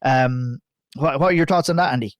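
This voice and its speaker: A chatty man hosting a podcast, with a middle-pitched voice. His sound is dry and close, with no room echo. He keeps the talk loose and easy. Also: brisk. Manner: chatty, laughs at his own jokes. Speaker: podcast host. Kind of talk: casual chat.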